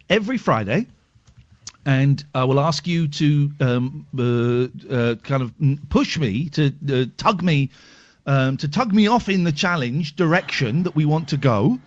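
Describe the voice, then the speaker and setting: Playful, animated male radio host. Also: a little high. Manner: playful, self-mocking, swings between drawls and bursts. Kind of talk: casual radio banter. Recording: lo-fi radio broadcast.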